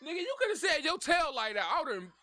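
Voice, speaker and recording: Loud laughing streamer, bright high voice. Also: male voice, very animated, quick pace, no echo, clean studio sound. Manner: loud, laughing, profane running commentary. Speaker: streamer reacting to a video. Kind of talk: casual reaction commentary.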